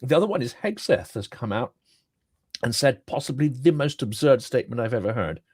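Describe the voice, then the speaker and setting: A man's voice: medium pitch, animated, a little fast, a little mellow, husky, dry recording. A man hosting an interview podcast, asking questions and adding wry, dry asides. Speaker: podcast host.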